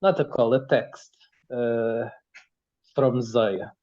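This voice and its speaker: A man running a tabletop game as game master, narrating haltingly with many restarts. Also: medium pitch, fairly even intonation, dull audio.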